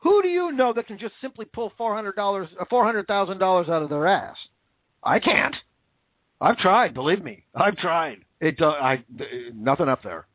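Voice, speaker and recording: A man's voice: sits high, very animated, moderate pace, no room sound. A man hosting a show, ranting in angry, sarcastic political commentary. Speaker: podcast host. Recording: tinny phone-like dry audio.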